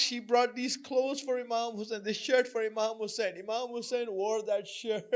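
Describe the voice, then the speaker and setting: A man with a very high-pitched voice delivers a mourning sermon at a mosque gathering. He recites and translates a prayer, then tells the story with mounting passion, his voice breaking into sobs. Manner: recounts the narrative with rising passion, voice breaking into sobs. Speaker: Muharram majlis speaker.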